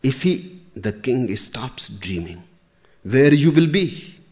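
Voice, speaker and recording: A man's voice: mid-range voice, lively intonation, slow pace, darkish tone. A man voicing a mocking storybook twin who scolds in raised, emphatic bursts. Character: mocking twin from a children's tale.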